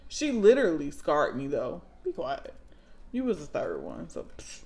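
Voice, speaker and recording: A woman in her thirties telling stories about her kids in a casual vlog, dramatic and animated, jumping into loud high outbursts when she acts out moments. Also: moderate pace. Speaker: mom vlogger.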